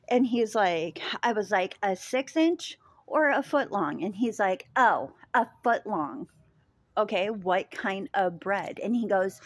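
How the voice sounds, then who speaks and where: A woman telling a story for her vlog in an easygoing, rambling way, full of ums and restarts. She speaks slowly, her pitch sits in the middle, and the sound is dry and close, with no room echo. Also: lively intonation. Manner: rambling, with many fillers and restarts. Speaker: vlogger. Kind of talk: casual storytime.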